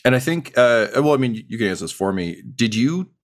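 A man's voice: medium pitch, big pitch swings, brisk. A man running a tabletop game as game master, narrating casually with lots of fillers.

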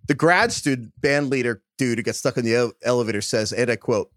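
A man's voice: mid-range voice, fast, dry recording, clean studio sound. A man co-hosting a podcast, reading listener emails aloud and acting out the quoted lines. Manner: animated storytelling, acts out quoted lines.

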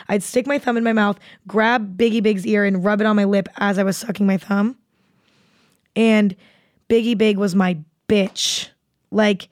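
A young adult woman hosts a casual podcast, wandering from thought to thought and swearing freely. Her voice sits at an ordinary pitch for a woman. It is recorded close and dry, with no room sound. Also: a little mellow, no echo. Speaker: podcast host. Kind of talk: casual chat.

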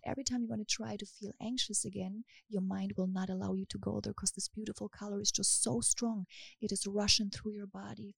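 A woman hypnotist with a German accent, speaking in a slow, soothing, suggestive way. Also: mid-range voice, creaky, breathy edge, no echo. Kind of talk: hypnosis induction then casual chat.

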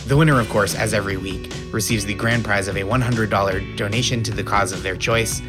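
A man's voice: fairly low pitch, brisk, music in the background. A man hosting a game show, playful and self-mocking, laughing often. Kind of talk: casual chat.

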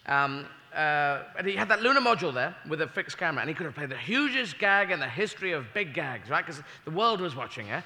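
A male comedian on stage in a large theater, doing a rambling stand-up routine, swearing and acting out bits with shouts. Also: a little high, sing-song, fairly quick, few pauses. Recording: live hall reverb, faint crowd.

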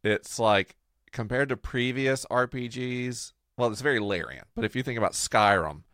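A young man co-hosting a casual chat, joking with puns and telling animated stories. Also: medium pitch, moderate pace, no room sound, studio quality. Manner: playful, punning, animated storyteller. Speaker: co-host.

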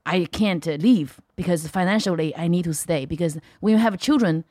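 A woman's voice: fairly low pitch, brisk, dark tone, no room sound, studio quality. A middle-aged woman with a Chinese accent, speaking bluntly in broken English as a comedian guest on a podcast. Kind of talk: casual podcast chat.

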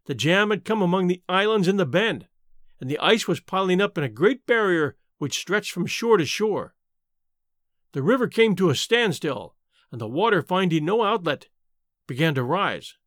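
A man reading an adventure story aloud as narrator, with an expressive, dramatic delivery on a close mic. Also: sits high, dry recording. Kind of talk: scripted audiobook narration.

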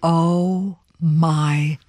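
A woman's voice: sits low, steady tone, drawn-out words, mellow, no echo. A woman hosting an interview, reacting with short exclamations and asking her guest questions. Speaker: host. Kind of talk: conversational interview.

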